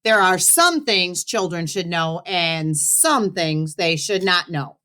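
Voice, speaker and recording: A stern male school principal with a big booming voice, as a woman reading a storybook puts him on. He talks down to a child and repeats himself. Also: animated, takes it slowly, bright, forceful tone, full character voice.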